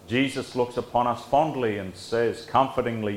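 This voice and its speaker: A man preaching a devotional sermon in a gentle, earnest way, letting his phrases fall soft at the ends. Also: mid-range voice, steady tone, normal speed, hardly any pauses, reverberant, rough recording.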